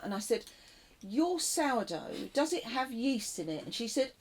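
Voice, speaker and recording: A woman's voice: a little high, lively intonation, moderate pace, husky, poor audio. A woman co-hosting a local chat show, talking in a chatty, rambling way with asides. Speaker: co-host. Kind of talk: casual chat.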